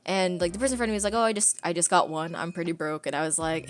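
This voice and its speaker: A woman's voice: on the low side, rapid-fire, hardly any pauses, soft background music. A woman streamer telling a story in casual chat, rambling with many fillers and breaking into laughs. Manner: rambling, filler-heavy, excitable with frequent laughs.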